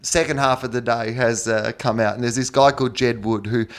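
An Australian man in casual podcast chat, telling comic stories at a medium pitch. He talks animatedly and laughs often as he goes. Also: steady tone, brisk. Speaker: guest comedian.

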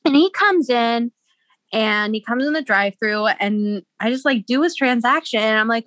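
A woman's voice: medium pitch, brisk, fairly bright tone, no echo. Young woman rambling a story, giggly, says like a lot, dry close mic. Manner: bubbly, giggly, lots of "like" fillers. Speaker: podcast co-host. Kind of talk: casual storytelling chat.

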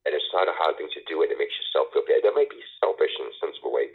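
A middle-aged man telling stories as an interview guest, halting with many restarts and fillers, and a wry sense of humor. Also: rumbling low, expressive, breathy edge. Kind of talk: casual storytelling conversation. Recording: tinny phone line.

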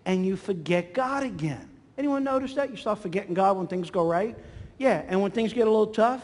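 A man preaching a sermon in a church hall, animated and acting out the voices in his stories. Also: fairly quick. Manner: animated, acts out quotes with swings in pitch and volume. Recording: long hall reverb.

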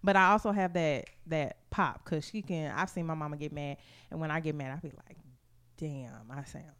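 A woman's voice: low-pitched, fairly even intonation, a little fast, a bit bright, clean tone. A woman talking in a casual podcast chat, candid and profane, full of fillers. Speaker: podcast co-host.

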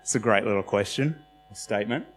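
A man's voice: fairly low pitch, fast talker. A man preaching a sermon in a loose, conversational way, with self-deprecating asides and acted-out quotes. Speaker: pastor. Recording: long hall reverb with faint music.

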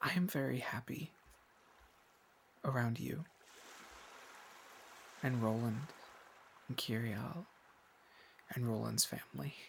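A man's voice: medium pitch, slow pace, gravelly, long pauses, slight background noise. A man voicing a shy, earnest young woman. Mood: tender.

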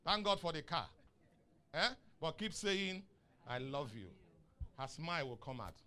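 Bright rousing Nigerian preacher man. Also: fairly high pitch, animated, moderate pace, clear, resonant tone. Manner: rousing, breaks into shouts on key lines; asks the crowd questions and waits for answers. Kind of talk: sermon with call and response.

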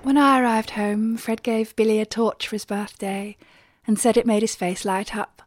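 Deadpan woman, comic radio host. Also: medium pitch, moderate pace, no room sound, studio quality.

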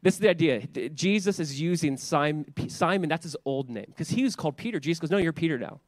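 A man's voice: on the high side, expressive, fast talker, no echo, studio quality. A man in his thirties preaching a church sermon in a casual, conversational way, often saying "like" and repeating words. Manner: conversational, repeats words, many filler 'like's. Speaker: pastor.

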